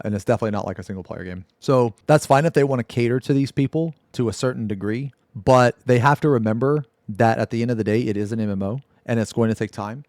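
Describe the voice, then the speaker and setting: A man's voice: mid-range voice, darkish tone, no echo, clean studio sound. Blunt, profane male streamer. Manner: blunt, profane, heated outbursts. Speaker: streamer reacting to game news. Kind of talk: casual reaction commentary.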